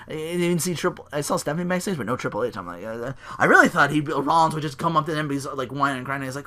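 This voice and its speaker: A man hosting a casual solo podcast, recapping wrestling with excitement, laughter and quick put-on voices. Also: fairly high pitch. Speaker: podcast host.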